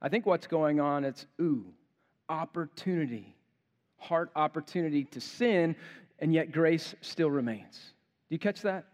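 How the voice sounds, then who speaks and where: A male pastor preaching a sermon, emphatic, building to forceful rhetorical questions. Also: fairly high pitch, lively intonation, unhurried. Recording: long hall reverb.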